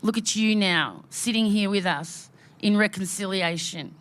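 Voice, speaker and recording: With an unhurried, fairly bright mid-range voice, an Australian woman addresses an outdoor memorial gathering. Her welcome is heartfelt and emotional, shaped by phrases she repeats rhythmically.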